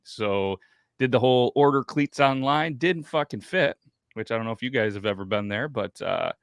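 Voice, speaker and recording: A man's voice: mid-range voice, moderate pace, clean tone, no echo, studio quality. A man in his thirties hosting a podcast, telling rambling, profane stories in casual chat. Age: 30s. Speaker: podcast host.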